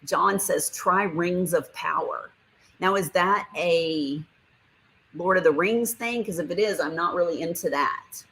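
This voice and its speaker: Woman, low voice, livestream host, casual chat, reads comments aloud, friendly, laughs a lot. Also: a little slow, creaky, rough recording. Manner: chatty and warm toward viewers, laughs often.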